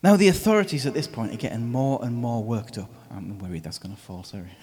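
A man delivers a sermon in an informal, storytelling manner, unpacking a passage as if chatting with friends. His voice sits at an ordinary middle pitch, and he chuckles often as he goes. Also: a little mellow. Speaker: preacher. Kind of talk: conversational sermon on a scripture reading.

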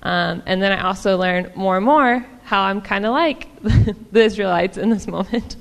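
A woman preaches in a relaxed, conversational way, sprinkling her talk with ums and small laughs. Her voice is smooth and clear at a medium pitch. A long reverb from the church hall trails behind her words. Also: moderate pace. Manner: warm, chatty, many ums and small laughs. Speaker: church speaker. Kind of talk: casual sermon.

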